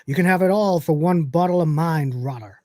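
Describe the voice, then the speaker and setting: A man's voice: fairly high pitch, fairly quick, mellow, dry recording, studio quality, lightly acted. Washed-up drunk sheriff, read by a man, tired and slurred. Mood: weary.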